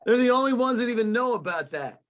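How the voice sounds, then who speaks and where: A man's voice: very high-pitched, lively intonation, fast talker, fairly bright tone. A man hosting a webinar over a video call, upbeat and jokey, talking casually with plenty of restarts. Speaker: webinar host.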